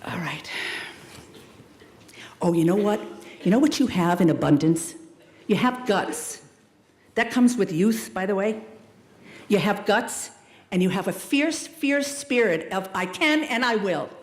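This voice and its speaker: A middle-aged woman delivers a commencement speech from a podium. Her voice sits at an ordinary pitch, and her delivery is animated and emphatic, full of affectionate asides to the graduates. The sound rings through a large, echoey hall with a long reverb tail. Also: measured pace, pauses often. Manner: warm, emphatic, addresses graduates as "loves" and "darlings". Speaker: commencement speaker. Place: large hall at a school ceremony.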